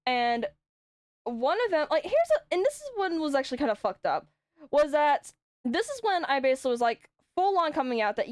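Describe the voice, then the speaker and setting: High-voiced, foul-mouthed young woman streamer. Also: sing-song, a little fast, no room sound, clean studio sound. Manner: swears often, rambling storytelling. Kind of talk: casual chat.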